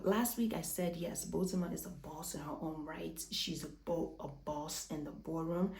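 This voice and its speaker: A woman's voice: deep voice, gravelly, mellow, echoey room. A woman recapping a reality show in a casual, opinionated chat, a little out of breath, with restarts and sighs.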